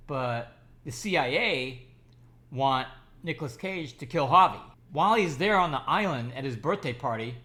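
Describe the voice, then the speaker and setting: A man's voice: medium pitch, a bit bright. A man giving an enthusiastic, rambling movie review, talking casually with frequent restarts and fillers.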